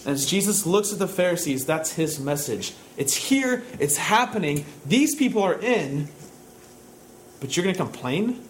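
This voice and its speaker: A male pastor delivering a sermon in a somewhat high voice. He swings between calm explanation and loud, climbing emphasis. A faint hum sits under the recording. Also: a little slow, poor audio. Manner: rises to loud, high-pitched emphatic preaching.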